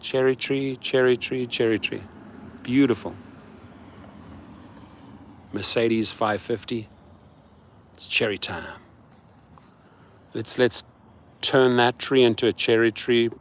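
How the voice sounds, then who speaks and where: A man vlogging as a rideshare driver, rambling to his viewers in a sing-song, chanting way that swings between hushed murmurs and excited whoops. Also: medium pitch, slow, long pauses, a little hiss or hum.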